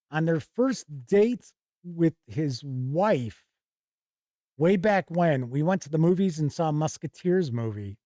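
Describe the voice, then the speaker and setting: A man's voice: sits high, darkish tone, dry recording, studio quality. A middle-aged man hosting a casual livestream, reading passages aloud from old game books and correcting himself as he goes. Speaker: host.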